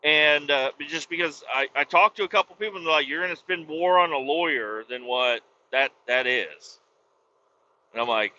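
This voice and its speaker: A man's voice: fairly high pitch, moderate pace, sharp tone, lo-fi sound, a little hiss or hum. A man hosting a podcast, telling a rambling, profane story in a casual, exasperated way. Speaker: podcast host.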